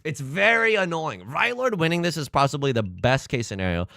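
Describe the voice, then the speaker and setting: A young man chatting casually on a livestream as he plays mahjong and reads chat aloud, joking and animated. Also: a little high, fairly quick, creaky, no echo. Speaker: streamer playing online mahjong.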